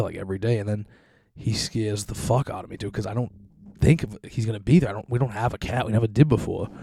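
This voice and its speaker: In a fairly low, mellow voice with vocal fry, a young man hosts a podcast, drifting through crude, profane anecdotes and laughing at his own humor. The recording is dry and close-miked, with no sense of a room.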